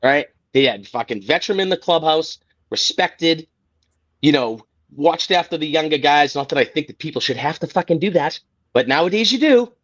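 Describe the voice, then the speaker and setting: A man's voice: on the high side, lively intonation, normal speed, fairly bright tone. A man hosting a sports podcast, ranting in a heated, profane, exasperated way. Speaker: podcast host. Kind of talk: casual sports rant. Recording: dull lo-fi podcast audio.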